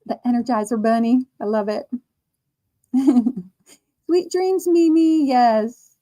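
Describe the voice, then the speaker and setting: During her casual crochet stream, the host speaks in a mellow voice on the high side. She keeps things slow and chatty, reading viewer comments aloud and laughing often as she works.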